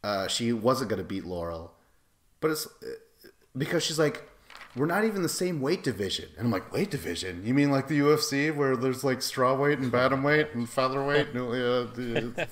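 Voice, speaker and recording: A man co-hosting a casual podcast, swearing freely and joking crudely as he goes. His voice sits at a middle pitch for a man. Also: animated, moderate pace, a bit bright. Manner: crude, joking, profane banter. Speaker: podcast co-host.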